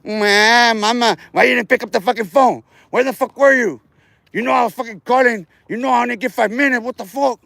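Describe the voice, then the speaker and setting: A man putting on a whining jailed young man griping at his mother on a phone call. The voice rides high and nasal-thin, pushed up even above his already high speaking voice. The sound is dry and close, with no room around it. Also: fairly quick, vocal fry, dry recording, full character voice. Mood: whiny. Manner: whiny, complaining, profane.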